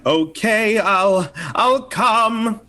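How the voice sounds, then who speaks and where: A man's voice: sits high, very slow, pushed and bright. A man reading a lead part with joking asides in a comedy table read of an old radio play.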